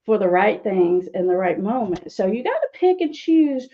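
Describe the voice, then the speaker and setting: A woman's voice: mid-range voice, animated, moderate pace, hardly any pauses, muffled recording. A woman recovery coach answering interview questions in a teasing, sarcastic way, often laughing. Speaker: guest speaker, addiction recovery coach.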